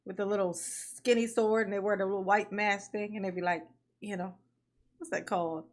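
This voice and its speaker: A woman's voice: mid-range voice, fairly even intonation, brisk. A woman hosting a casual livestream, greeting her viewers by name, laughing often and calling them honey and baby. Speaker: livestream commentary host.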